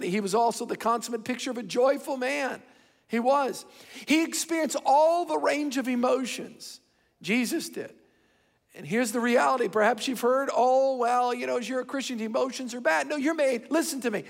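A middle-aged pastor preaches in a large church hall, emphatic and repetitive, shifting his pace to stress his points. His voice is very high-pitched and creaky at a moderate pace, with reverb from the big sanctuary.

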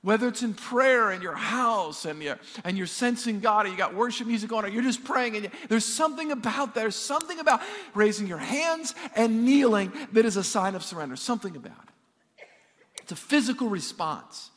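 High-voiced man preaching in a reverberant hall. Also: lively intonation, brisk, a bit bright. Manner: emphatic, repeats words while building up, jokes with the crowd. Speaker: pastor. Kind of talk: sermon. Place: church sanctuary. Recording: long reverb of a church hall.

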